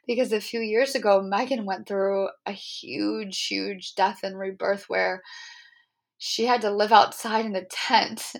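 A woman's voice: medium pitch, steady tone, a little slow, creaky. A young adult woman hosting a podcast, telling an emotional spiritual story in an earnest, rambling way with many fillers and restarts. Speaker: podcast host.

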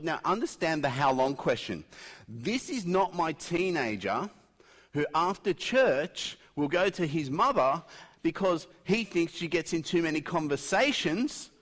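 A middle-aged man preaching a sermon, swinging between loud emphatic peaks and quiet intensity. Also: sits high, lively intonation, normal speed. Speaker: pastor. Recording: long hall reverb.

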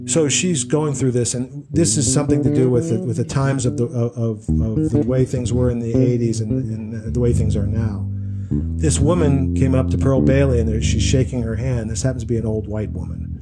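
A man's voice: mid-range voice, moderate pace. A man co-hosting a casual podcast, telling a story in a rambling, self-correcting way. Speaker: podcast co-host and musician. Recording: loud guitar music behind the talk.

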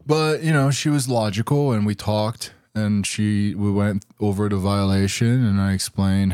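A man with a lowish, clean voice talks in a loose, combative way, peppering everything with curses. The sound is close and dry, with no room around it. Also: fairly even intonation, a little slow, few pauses, a little mellow, smooth, no echo. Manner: profane, blunt, combative. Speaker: podcast co-host. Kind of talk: casual chat.

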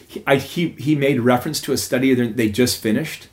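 A man co-hosting a podcast in a casual chat, telling stories with lively acted-out quotes. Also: mid-range voice, a little fast, roomy sound. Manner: animated storyteller, acts out quoted voices. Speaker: podcast co-host.

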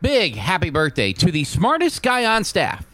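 A man's voice: high-pitched, moderate pace, dry recording. A man co-hosting a sports radio show, reading the day's events and teasing his co-hosts with a laugh. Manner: animated, teasing, laughs often. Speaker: co-host reading the day in history. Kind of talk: casual sports radio banter.

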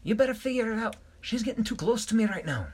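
A man voicing a nervous male explorer, jittery and hurried, in a told story. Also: high voice, lively intonation, breathy edge, voice pushed up.

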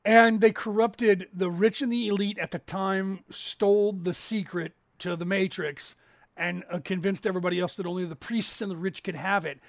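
Livestream host, fifties, male, from California; high, gravelly voice, dry close sound, rambling chatty delivery. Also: fairly even intonation, moderate pace, dry recording. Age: 50s. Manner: rambling storyteller, acts out others' lines in raised voices. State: raspy from COPD. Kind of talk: casual livestream chat.

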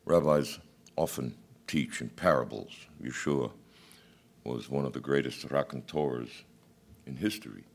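Guy preaching a sermon, super deep voice, thoughtful and stop-start. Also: creaky. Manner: reflective, halting delivery.

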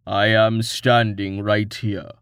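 A man voicing a gruff, stoic smith who speaks in slow, terse, rumbling sentences. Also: flat delivery, fairly bright tone, dry recording, clean studio sound. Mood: stern. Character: gruff stoic male smith, large and older.

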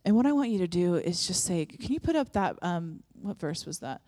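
A woman with a lowish, warm, very animated voice preaches a sermon and leads prayer fairly quickly, in an earnest, conversational way with frequent restarts. She's in a church room with an audience, captured in studio quality with no echo.

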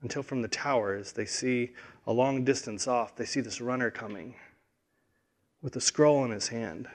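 A man preaching a sermon, telling the story with dramatic swings between hushed and emphatic delivery, often restarting his words. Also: mid-range voice, normal speed. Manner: frequent restarts and stumbles.

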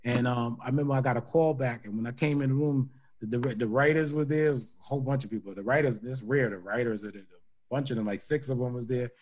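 Husky-voiced man telling stories. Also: medium pitch, fast, darkish tone. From Brooklyn, New York. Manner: storytelling, repeats for emphasis. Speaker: guest comedian. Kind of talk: casual talk-show chat.

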